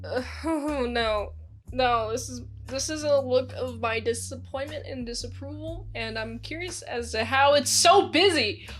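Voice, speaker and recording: High-voiced woman rambling through a movie review. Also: unhurried. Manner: rambling, with many fillers and lively acted quotes. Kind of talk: casual spoken movie review.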